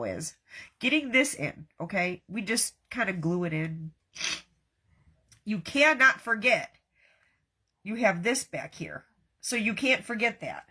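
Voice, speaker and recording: A middle-aged woman, hosting a live craft tutorial and chatting warmly and folksily with her viewers. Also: medium pitch. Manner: warm, talks straight to viewers with folksy asides. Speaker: craft host.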